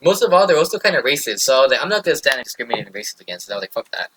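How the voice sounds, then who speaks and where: A man's voice: mid-range voice, very animated, rapid-fire, a bit bright, slight background noise, rough recording. A young man, a podcast host, casually telling a rambling story with lots of fillers and swearing.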